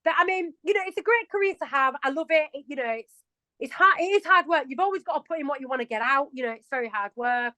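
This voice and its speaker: Chatty Yorkshire woman, high and dry. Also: fast talker, pushed and bright, no echo, low-quality recording. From England. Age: 40s. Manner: chatty and self-mocking, laughs often. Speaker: interview guest. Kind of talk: casual interview chat.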